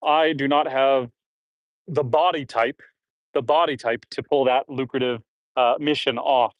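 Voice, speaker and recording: A man's voice: medium pitch, steady tone, measured pace, no room sound, dull audio. A man from Canada chatting live with viewers while shoveling manure on his farm outdoors, grunting and sighing between loads and slightly out of breath. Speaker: homestead livestreamer. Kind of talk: casual live chat reading comments while working. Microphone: phone.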